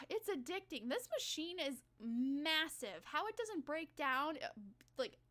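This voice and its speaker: Excitable, foul-mouthed woman vlogger, high voice. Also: takes it slowly. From United States. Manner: excitable, profane, rambling. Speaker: Vtuber streamer. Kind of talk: casual reaction commentary.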